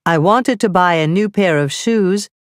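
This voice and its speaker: A woman narrating a scripted grammar lesson, reading slowly and carefully with clearly spelled-out examples. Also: lowish voice, no room sound, clean studio sound. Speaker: teacher.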